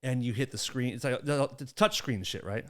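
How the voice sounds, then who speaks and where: A man's voice: mid-range voice, moderate pace, a bit bright. A man co-hosting a podcast in casual chat, teasing his co-hosts, swearing freely and telling stories with lots of energy. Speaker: podcast co-host.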